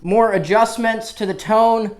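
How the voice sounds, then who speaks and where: A man's voice: high voice, steady tone, unhurried. A young man hosting a casual guitar vlog, joking and rambling with playful asides. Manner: goofy, rambling, self-deprecating jokes. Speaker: guitar YouTuber.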